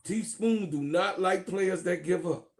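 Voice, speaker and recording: A man giving loud, profane, joking sports commentary, laughing and calling out to his viewers. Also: high-pitched, a little slow, creaky. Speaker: sports vlogger. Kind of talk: casual comedic sports commentary.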